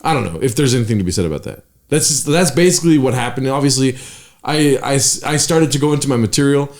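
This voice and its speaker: With a medium-pitched voice, a male comic and podcast co-host talks fast while telling a story in casual chat. It comes out animated and full of swearing, fillers, and trailing sentences.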